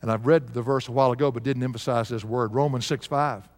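A man's voice: medium pitch, fairly even intonation, fast talker. A male preacher delivering an emphatic sermon, asking his congregation to answer aloud. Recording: live sermon with long hall reverb.

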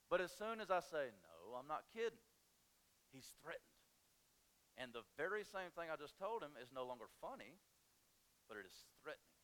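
A male pastor preaching a sermon in a church, animated and humorous, and he repeats his key points for emphasis. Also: sits high. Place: church sanctuary.

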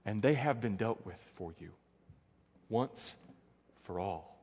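Pastor guy preaching, earnest, goes quiet and low for the big words, long church echo. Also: lively intonation, takes it slowly. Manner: earnest, dropping soft and low for emphasis. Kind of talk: sermon. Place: church sanctuary. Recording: long church hall reverb.

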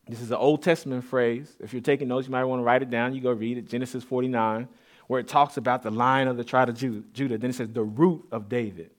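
A pastor preaches a casual, conversational sermon in a church, speaking fast in a medium-pitched voice. He repeats and restarts words, building to emphatic peaks.

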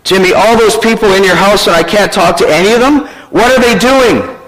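A man doing a persistent telemarketer, raised pitch. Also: a little fast, long reverb tail, crowd noise, lightly acted, rough recording. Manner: insistent, polite questioning. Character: pushy adult male telemarketer, persistent and puzzled.

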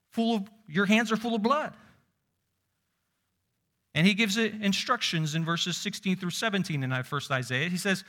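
A man preaching a sermon, moving between loud emphasis and hushed low asides, quoting scripture. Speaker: pastor.

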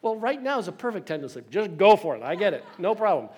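Older male pastor in his 60s, slightly higher voice, tells stories with self-deprecating humor. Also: big pitch swings, fast talker, a little mellow, breathy edge. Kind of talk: sermon.

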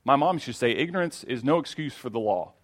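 A man's voice: mid-range voice, animated, fast talker. A man preaching a sermon in a church, earnest and repeating key phrases for emphasis.

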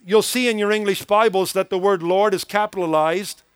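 A man's voice: high voice, steady tone, normal speed, clean tone, dry recording, studio quality. A man preaching a sermon as pastor, earnest and emphatic, building points through rhythmic repetition.

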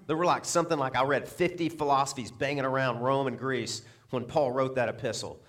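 A man preaching a sermon in a lively way, asking the crowd rhetorical questions and chuckling between points. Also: mid-range voice, fairly quick, hardly any pauses. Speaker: pastor.

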